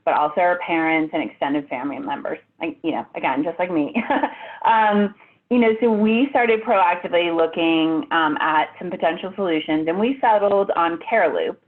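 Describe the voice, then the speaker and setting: A woman's voice: fairly low pitch, normal speed. A woman speaking from home as a benefits executive on a webinar, polished but casual with frequent fillers. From United States. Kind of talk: webinar presentation. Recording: tinny phone-like audio.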